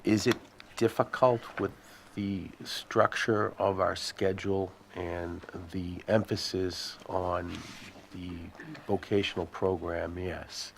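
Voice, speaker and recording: A man serving as school superintendent, answering committee questions in a measured, explanatory way and thinking aloud as he goes. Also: deep voice, steady tone, gravelly, slight background noise.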